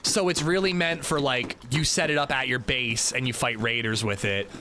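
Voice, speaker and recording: Medium in pitch with a sharp tone, a man talks at a moderate pace while livestreaming a game. His commentary is casual and meandering, packed with filler words, and the recording carries noisy background hiss.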